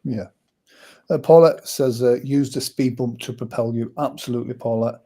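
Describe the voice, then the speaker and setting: Mellow-voiced man hosting a casual show. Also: medium pitch, moderate pace. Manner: warm thanks, relaxed, gives shout-outs. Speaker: show host. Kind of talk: casual chat.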